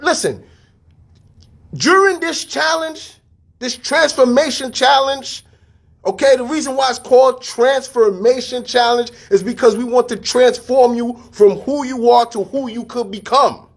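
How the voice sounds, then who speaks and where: Man, husky, fairly high voice, energetic, slangy, repeats himself, motivational talk. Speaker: fitness studio staff and podcast host.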